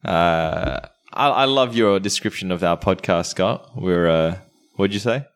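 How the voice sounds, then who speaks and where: A man hosts a casual podcast with a fairly low voice. He jokes around and banters crudely with his co-hosts, keeping the talk loose. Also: unhurried, clear, resonant tone. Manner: jokey, playfully crude banter. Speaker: podcast host.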